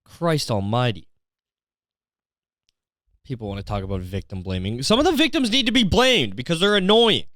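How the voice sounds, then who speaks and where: A man's voice: medium pitch, sing-song, moderate pace, long pauses, a bit bright, no room sound, studio quality. A young man hosting a comedy podcast, ranting in a profane, sarcastic way and slipping into mocking voices. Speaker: podcast host.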